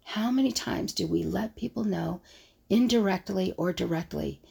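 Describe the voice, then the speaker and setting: A woman's voice: mid-range voice, moderate pace, vocal fry, a little mellow, husky. A woman who works as a conflict resolution coach, thinking aloud in a solo monologue and acting out the scoffing remarks people make. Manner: musing, acts out others' scoffing remarks.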